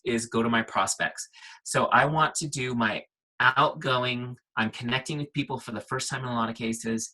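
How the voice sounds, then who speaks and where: A middle-aged man as a guest trainer, walking a team call through software in an upbeat, punchy way and checking in with listeners. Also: mid-range voice, husky, poor audio.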